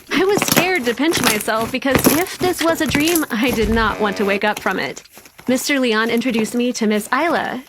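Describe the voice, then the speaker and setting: A woman narrating a first-person story in a wide-eyed, excited way. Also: on the high side. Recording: loud clicking noise behind.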